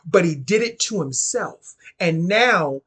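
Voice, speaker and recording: A man's voice: high-pitched, lively intonation, takes it slowly, fairly bright tone, slightly rough. A man giving casual spoken commentary on occult topics, sassy and chatty, often repeating and restarting his phrases.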